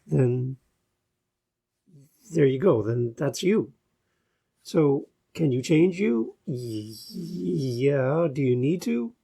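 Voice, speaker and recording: Male podcast host: husky, a bit gravelly, measured delivery with restarts, close mic. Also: medium pitch, mellow. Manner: measured, with frequent restarts and fillers. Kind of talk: podcast advice monologue.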